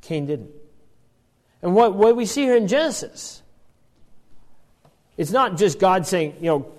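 Guy doing a bible study, reads verses then explains, voice kinda high and very lively, restarts his sentences a lot. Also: unhurried, pauses often. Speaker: Bible teacher. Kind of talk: Bible teaching.

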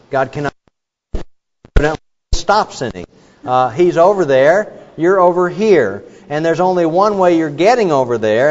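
Middle-aged male pastor preaching in a hall. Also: a little high. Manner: earnest, with many fillers and illustrations. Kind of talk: sermon. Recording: dull reverberant hall recording.

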